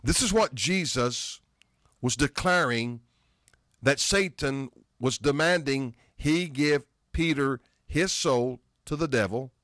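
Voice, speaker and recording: Middle-aged male preacher, unhurried and deliberate, lingering on words for emphasis, dry close recording. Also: medium pitch, a bit bright, no echo. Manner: dramatic slowing for emphasis, quoting scripture. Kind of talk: sermon.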